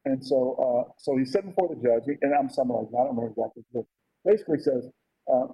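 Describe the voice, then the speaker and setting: A man's voice: mid-range voice, fast talker, warm tone, slightly rough, no echo. A man preaching a conversational sermon in an informal way, often checking in with "right?". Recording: dull lo-fi sound.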